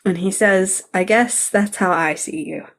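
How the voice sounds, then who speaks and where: A woman's voice: mid-range voice, unhurried. A woman hosts a casual podcast chat in a mid-range voice. She recaps scenes in a bubbly, chatty way, laughing often as she goes. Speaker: podcast host.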